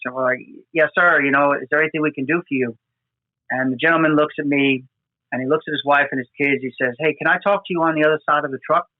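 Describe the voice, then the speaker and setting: A man tells emotional field stories in an earnest, halting way, his voice sitting a bit high. The audio is narrow and phone-like, dry with no room sound. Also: no room sound. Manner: earnest, emotional storytelling with many fillers. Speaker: podcast host, FDNY firefighter. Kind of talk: conversational storytelling.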